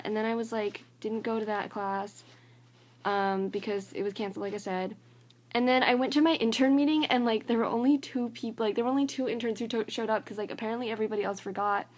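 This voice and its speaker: Rambling young woman venting to her phone. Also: a little high. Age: young adult. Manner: rambling, filler-heavy, says "like" constantly; annoyed and exasperated. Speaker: college student vlogger. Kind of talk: casual vlog rant. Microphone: phone camera.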